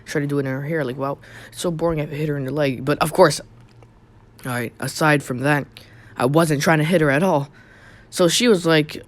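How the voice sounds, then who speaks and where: A man's voice: a little high, a little fast. A young man casually telling a personal story on his channel, rambling with many fillers and restarts. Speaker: YouTube storyteller.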